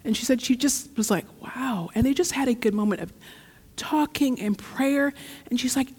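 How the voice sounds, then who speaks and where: A woman preaching a sermon in a church, telling a story in a lively, heartfelt way. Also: a little high, moderate pace, breathy edge. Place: church sanctuary. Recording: long church reverb.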